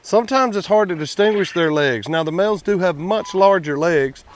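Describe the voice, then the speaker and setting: A man's voice: high-pitched, expressive, moderate pace, a little hiss or hum. A man, chatting casually to viewers in a vlog while working outdoors at his quail pens, folksy and talkative. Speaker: quail farmer and channel host.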